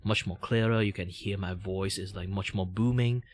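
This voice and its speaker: A man's voice: low voice, fairly even intonation, normal speed. A man with a Malaysian English accent, chatting casually on a livestream while drawing, rambling with lots of filler words and casual swearing.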